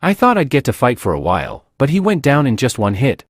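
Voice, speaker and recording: A man's voice: medium pitch, huge pitch swings, fairly quick, no room sound, clean studio sound. A man voicing a brash young female demi-human guard who is eager for a fight. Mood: fierce.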